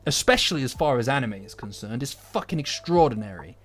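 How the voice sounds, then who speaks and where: A British anime commentator chats casually to his stream audience, rambling, swearing and quickly getting worked up. His mid-range voice is expressive with a fairly bright tone, and faint lo-fi music plays in the background.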